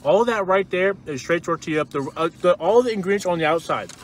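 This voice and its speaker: A man's voice: high-pitched, expressive, quick pace, a little hiss or hum. A young man co-hosting a casual food review while eating inside a parked car, blunt and teasing. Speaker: podcast co-host doing a food review.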